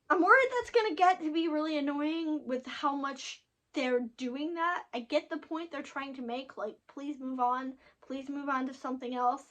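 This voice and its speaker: Chatty high-voiced young woman. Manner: chatty, animated, frequent fillers and restarts. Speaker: host reviewing an animated episode. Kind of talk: casual recap chat.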